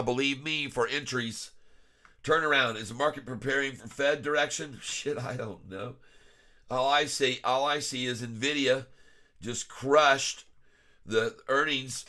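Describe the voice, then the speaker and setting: Male vlogger, stuffy nose, folksy chuckling chart talk, bright forward tone. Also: medium pitch. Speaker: stock trading vlogger. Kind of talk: casual screen-share commentary.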